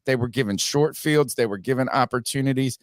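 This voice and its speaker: A podcast host with a mid-range voice runs a casual sports show, reading out viewer donations and offering blunt opinions. He talks fairly quickly and restarts often, and the recording is dry with clean studio sound.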